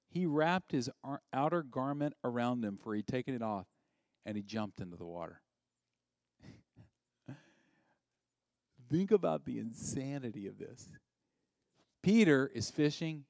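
Male preacher, conversational and dynamic sermon delivery, dry close recording. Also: dry recording. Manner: animated, swings from loud and high to quiet and low; conversational, asks the audience questions.

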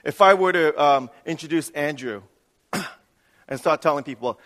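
A male pastor delivers a sermon in a fairly high voice. He surges into loud, emphatic passages, then drops to a near hush. His words ring out with a long reverb, as in a church sanctuary. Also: moderate pace. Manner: dramatic swings between loud emphatic and soft hushed delivery.

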